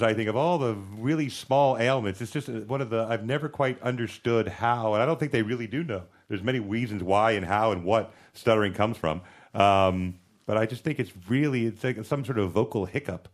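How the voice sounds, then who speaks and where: A man with a slight lisp telling a rambling comic story on stage, laughing at himself as he goes. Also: lowish voice. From from overseas. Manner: rambling, animated, laughing at his own story. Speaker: comedian guest.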